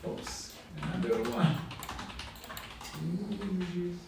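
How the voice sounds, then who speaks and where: A man teaching a hands-on software class, talking haltingly with many fillers and restarts. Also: sits high, lively intonation, noisy background. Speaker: instructor. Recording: echoey classroom from far off.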